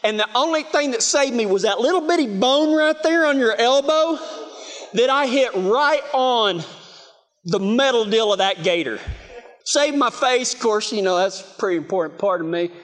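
A man's voice: very high voice, expressive, normal speed, a bit bright. A man with a West Texas accent preaching in a chatty, self-mocking storytelling style, full of "you know" asides, to a live audience. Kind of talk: storytelling sermon. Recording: long reverb of a big hall.

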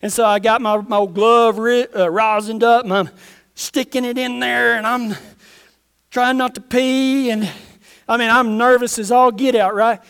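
A man's voice: extremely high pitch, fairly even intonation, a little slow, a bit bright, smooth. A man from Texas, a pastor telling a rambling, folksy story in a sermon and then leading a prayer. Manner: folksy, rambling storyteller who acts out quotes.

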